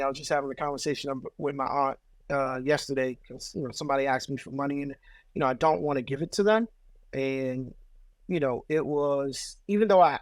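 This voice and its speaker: Male guest, candid and chatty, fairly high voice, dry sound. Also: no echo. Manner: candid, laughing, frequent "you know what I mean?". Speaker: guest business owner. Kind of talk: casual interview chat.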